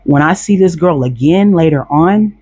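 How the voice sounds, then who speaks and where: A man's voice: on the high side, normal speed, slightly rough, no room sound. A man bluntly recounting a personal story to camera, swearing often and acting out other people's lines. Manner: blunt, profane, animated retelling with quoted voices.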